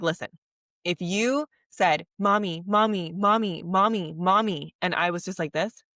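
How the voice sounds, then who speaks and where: A woman's voice: fairly low pitch, fairly bright tone, no echo, distant mic. Woman host, chatty earnest monologue, dry sound, a little off-mic. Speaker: podcast host. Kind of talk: casual monologue on parenting.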